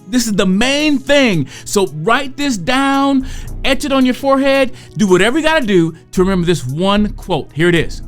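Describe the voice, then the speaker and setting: A woman giving a motivational talk to parents and educators, conversational, slowing down to draw out key phrases. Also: medium pitch.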